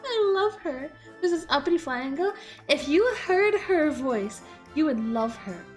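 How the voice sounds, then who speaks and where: A woman streaming a game, chatting casually in an excitable, giggly, gushing way. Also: sits high, measured pace, soft background music.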